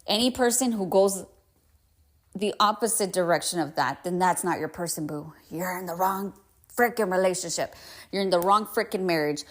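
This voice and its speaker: In a casual solo podcast monologue, a woman host talks candidly and emphatically at a moderate pace, her voice fairly low and a bit congested. She uses frequent fillers and swears now and then.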